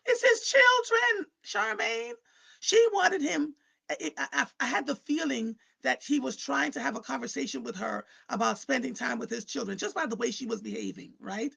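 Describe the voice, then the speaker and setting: A woman hosting a live stream, her voice pitched fairly high with a strong gravelly fry running through it. She talks casually and animatedly, speaking straight to her viewers and guests and often doubling up words as she gets going. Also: fairly quick, hardly any pauses. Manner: animated, repeats words when starting a thought; addresses viewers and guests directly, conversational. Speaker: live show host. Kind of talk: casual livestream talk.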